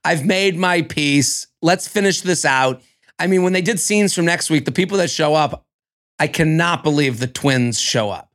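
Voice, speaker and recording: A man co-hosting a podcast, chatting casually about a reality dating show, animated and cussing, now and then acting out cast members. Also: a little high, normal speed. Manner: animated, swearing, acts out cast members in exaggerated voices. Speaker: podcast co-host. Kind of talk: casual reality-TV recap chat.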